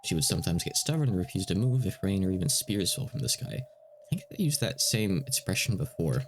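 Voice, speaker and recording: A man's voice: sits low, sing-song, brisk, slight background noise. A male streamer reading a visual novel aloud, with casual asides between the narration.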